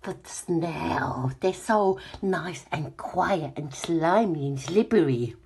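A woman's voice: sits low, lively intonation, slow pace, darkish tone, breathy edge, exaggerated voice. A woman voicing a cheerful, curious little male toy friend in a children's alphabet sing-along, talking in a sing-song way and gasping with delight.

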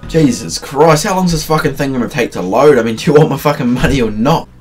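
A man giving gaming commentary from home late at night, loud and profane, ranting and laughing as he plays. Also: mid-range voice, animated, fast talker, husky, faint music behind. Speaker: gaming video creator.

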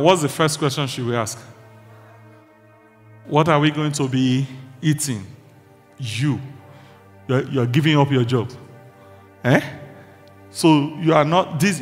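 A male pastor delivering a fervent sermon, building to shouted declarations of faith. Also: medium pitch. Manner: impassioned preaching with shouted declarations. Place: church hall. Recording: reverberant hall with faint music.

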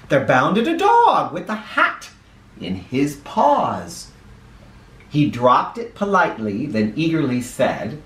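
A man reading a children's picture book aloud in a playful, animated way. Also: mid-range voice. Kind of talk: read-aloud storytelling for kids. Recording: echoey room, mic at a distance.

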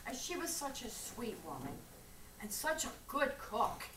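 A woman's voice: on the high side, sing-song, a little slow, fairly bright tone, distant mic. A woman on stage playing a sweet, fussy elderly spinster aunt, recorded from afar in an echoey hall with light noise. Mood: sweet, doting. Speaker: stage actor. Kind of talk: amateur stage play.

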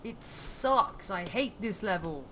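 A woman's voice: medium pitch, expressive, takes it slowly, roomy sound, crowd noise. A woman hosting a casual gaming session, swearing freely and groaning at hard levels. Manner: swears a lot, groans at losing. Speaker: channel host and gamer. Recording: music playing loudly behind.

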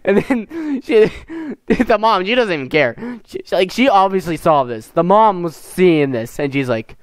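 A man's voice: sits high, very animated, unhurried, smooth, dry recording. An American teenage boy casually reviewing a short film, rambling and giggling, with lots of fillers and restarts. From United States. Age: teens. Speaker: gaming YouTuber.

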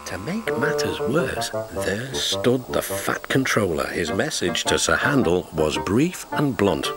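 A man narrating a children's story in a lively, expressive storytelling manner. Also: sits low, slow pace. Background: music score.

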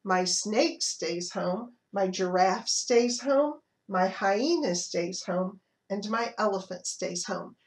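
Slow, expressive storytime librarian woman. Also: mid-range voice. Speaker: children's librarian. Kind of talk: reading picture books aloud to toddlers.

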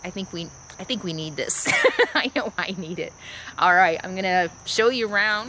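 A woman with a medium-pitched, bright, pushed voice talks at a normal pace. She's filming a casual vlog monologue at an outdoor trailhead, reflecting on life in her RV in a rambling way and restarting now and then. Slight background noise is audible.

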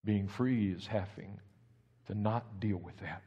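A male pastor preaching a sermon, building from steady talk to loud, emphatic peaks. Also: fairly low pitch, measured pace, breathy edge, highs cut off. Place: church sanctuary. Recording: reverberant church hall.

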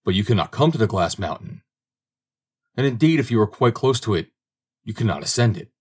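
An enchanted young princess pleading for rescue, read by a man in his own low, husky voice. Formal, earnest speech from a fairy-tale audiobook. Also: very animated, fairly quick. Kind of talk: audiobook character reading.

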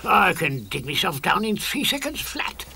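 A British man voicing a boastful burrowing creature in a storybook cartoon, slow, hissing and menacing. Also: high voice, big pitch swings, creaky, sharp tone, voice pushed up, heavily acted. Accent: British English.

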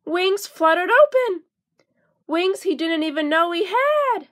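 A woman reads a children's picture book aloud, her voice very high and unhurried. She lingers over each phrase and gives it gentle expression, the way one reads to small children. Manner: slow, gentle, expressive reading. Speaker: storyteller. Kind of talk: storybook read-aloud for children.

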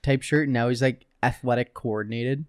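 A man's voice: mid-range voice, fairly even intonation, brisk, clean tone, dry recording, clean studio sound. A young man in his twenties in casual podcast chat, teasing and joking with his friends. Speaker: podcast co-host.

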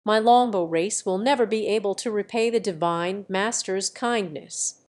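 A woman voicing a humble elderly male archer clan elder in a web novel audiobook, read in an even, unhurried way. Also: medium pitch, close to an everyday voice.

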